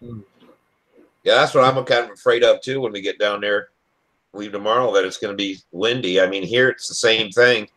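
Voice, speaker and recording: A man's voice: on the low side, fairly even intonation, moderate pace, fairly bright tone. A man from Michigan chatting on a video call, plain-spoken and asking the others questions. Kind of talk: casual chat, swapping stories.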